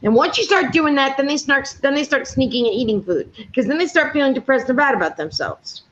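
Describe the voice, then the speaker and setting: This woman in her fifties talks on a panel with a high, lively voice and a fairly quick pace. She chats casually, telling blunt stories and swearing freely, all captured in dull lo-fi sound.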